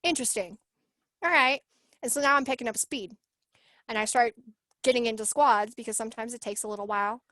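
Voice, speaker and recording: A woman in her late twenties talks on a video call in a fairly high voice, and the sound is close and dry. She tells her story with emotion and life, acting out the lines other people said. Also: quick pace, no echo. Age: 20s. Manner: emotional, animated storytelling with acted-out quotes. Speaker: workshop guest sharing her story. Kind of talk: casual video-call chat.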